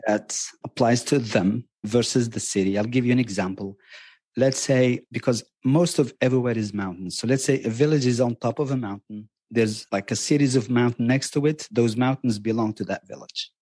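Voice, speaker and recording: Husky-voiced man explaining, dry sound. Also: mid-range voice, normal speed, darkish tone, dry recording. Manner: explains patiently with examples, chuckles now and then. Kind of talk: casual conversational interview.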